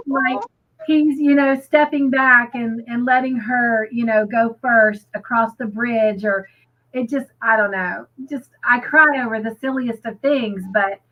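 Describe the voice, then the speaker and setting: A woman co-hosting a crafting livestream, chatting casually and emotionally with lots of "you know" fillers, reading out viewer comments. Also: on the high side. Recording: muffled lo-fi stream audio.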